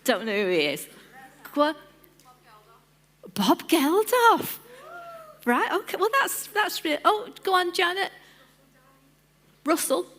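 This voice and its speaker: A woman's voice: very high-pitched, big pitch swings, slow pace, long pauses, a bit bright. A woman on her church's lead team, giving an informal sermon, playful and chatty as she calls on the congregation by name. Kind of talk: informal sermon with audience interaction.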